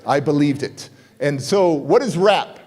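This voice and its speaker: A middle-aged man, a motivational speaker, telling a story on stage, animated and jumping into quoted voices. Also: measured pace. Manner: animated, acts out quoted voices with big pitch jumps. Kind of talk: energetic storytelling keynote. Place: conference hall stage.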